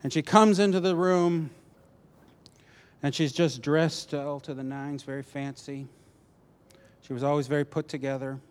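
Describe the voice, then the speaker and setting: A man preaching a personal testimony, telling the story animatedly with halting restarts. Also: a little high, steady tone.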